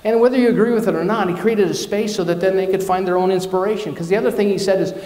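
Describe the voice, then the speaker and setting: A man's voice: high-pitched, fairly even intonation, fast, dark tone. A man preaching a conversational sermon as minister, candid and personal, telling stories with self-deprecating asides. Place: church or spiritual centre hall. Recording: echoey hall with long reverb.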